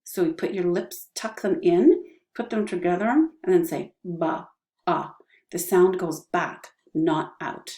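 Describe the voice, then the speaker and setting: An upbeat, encouraging woman in middle age leads a drama lesson. She keeps checking in with her students. Her voice is a touch low and mellow, and it echoes in the room. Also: measured pace. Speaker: drama teacher. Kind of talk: online class lesson with vocal warm-ups.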